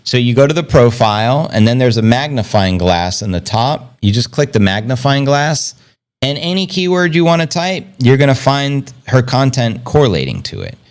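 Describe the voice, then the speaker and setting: A man's voice: mid-range voice, sing-song, normal speed, clean tone. Chatty man hosting a crypto livestream. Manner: rambling, upbeat, slangy, shout-outs to viewers. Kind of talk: casual livestream chat reading viewer comments.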